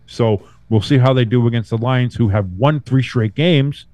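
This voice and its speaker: A man hosting a casual sports podcast, talking loosely and profanely with bursts of animated emphasis. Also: medium pitch, moderate pace, no echo. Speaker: podcast host.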